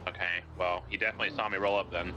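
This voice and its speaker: A man playing a police officer, giving brisk calls over the radio. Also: sits low, level tone, highs cut off, background noise. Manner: quick, brisk radio talk.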